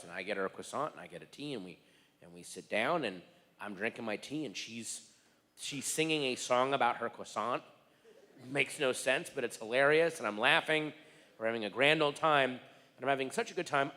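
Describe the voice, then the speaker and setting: A man doing stand-up comedy in a theater, telling a story in rapid, exasperated bursts that build into shouts. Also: medium pitch. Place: large theater stage. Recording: reverberant theater with faint room noise.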